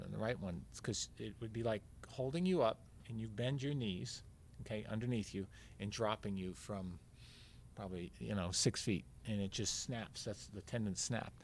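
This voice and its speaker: A man's voice: fairly low pitch, vocal fry, slight background noise. An older man, a veteran marathon runner, telling a long story casually as a podcast guest and acting out what people said. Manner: rambling, acts out quoted dialogue.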